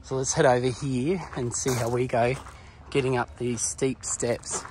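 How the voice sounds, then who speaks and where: A man's voice: medium pitch, steady tone, a little slow, background noise. A man narrating a casual travel vlog outdoors at a pyramid site, chatty and laughing often, out of breath from the climb. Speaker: travel vlogger.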